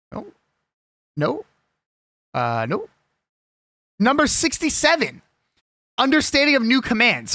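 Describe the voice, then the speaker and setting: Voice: mid-range voice, pushed and bright, no echo, clean studio sound. A young adult live streamer chatting casually and with strong opinions while reading a list aloud.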